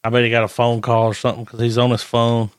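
A man's voice: mid-range voice, monotone, fast, clear, resonant tone, dry recording. A man co-hosting a podcast, teasing and cracking crude jokes. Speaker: podcast co-host. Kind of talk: casual podcast chat.

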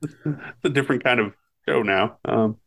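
A man's voice: medium pitch, normal speed, creaky, a bit bright. A man co-hosting a podcast in casual chat, rambling through movie scenes and laughing as he retells them. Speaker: podcast co-host.

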